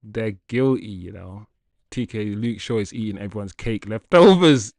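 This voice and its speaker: A man's voice: lowish voice, moderate pace, gravelly, no echo, clean studio sound. Slangy man hosting a livestream. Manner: animated, slangy, laughs and rambles. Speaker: host of a football livestream. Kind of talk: casual livestream chat, reading viewer comments.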